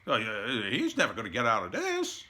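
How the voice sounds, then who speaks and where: Blunt, sarcastic man with a bright voice. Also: medium pitch, huge pitch swings, a little fast. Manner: blunt, sarcastic, laughs at his own jabs. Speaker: political commentator. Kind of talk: casual opinion monologue.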